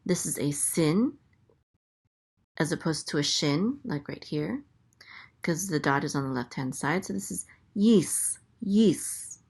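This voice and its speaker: A woman with a low voice teaches at a slow, unhurried pace. She spells out sounds one at a time and repeats each syllable patiently. The delivery is careful and methodical. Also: lively intonation, a little mellow, breathy edge. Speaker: Hebrew teacher. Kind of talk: slow, careful letter-by-letter lesson.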